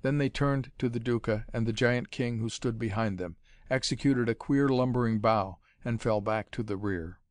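Man, audiobook narrator, measured dramatic reading, dry recording. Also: medium pitch, no room sound. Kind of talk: audiobook reading of pulp adventure fiction.

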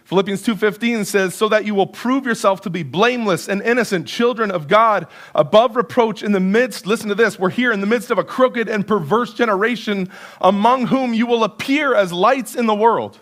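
A pastor preaching a sermon in church, earnest and conversational, building emphasis through repetition. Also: male voice, sits high, moderate pace, a bit bright. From Canada. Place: church sanctuary.

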